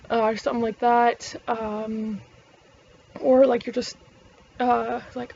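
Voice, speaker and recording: A woman's voice: fairly high pitch, completely flat delivery, slow pace, darkish tone, lo-fi sound, slight background noise. A young woman from Canada with a Canadian accent, chatting frankly to camera, swearing and using lots of fillers. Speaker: vlogger. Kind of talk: casual chat to camera.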